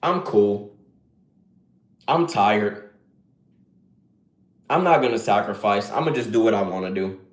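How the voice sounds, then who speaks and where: Lazy worn-out working guy drawling, as a man puts him on, lower voice, roomy echo. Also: a little slow, pauses often, natural voice. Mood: lazy, dismissive.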